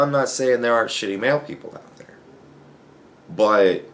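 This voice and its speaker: A man's voice: lowish voice, creaky, a little hiss or hum. A man hosting a podcast, ranting casually in a profane, rambling way and laughing between points. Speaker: podcast host. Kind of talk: casual solo commentary rant.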